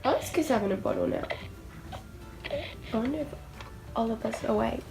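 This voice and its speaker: A woman's voice: a little high, moderate pace, vocal fry, music in the background. A woman vlogger giving casual running commentary at home, chatting to her baby dolls and laughing often. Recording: noisy home video recording.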